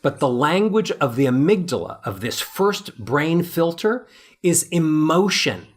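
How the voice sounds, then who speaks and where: Animated middle-aged male voice coach. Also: fairly high pitch, unhurried. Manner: animated, acts out examples in different voices. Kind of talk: interview guest explaining.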